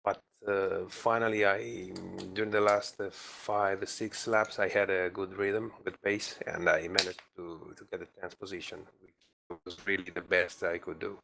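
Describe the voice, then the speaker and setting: Gravelly low-voiced driver. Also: male voice, level tone, unhurried, fairly bright tone, a little hiss or hum. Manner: hesitant, many fillers and restarts. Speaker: race driver interviewed. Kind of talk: post-race interview.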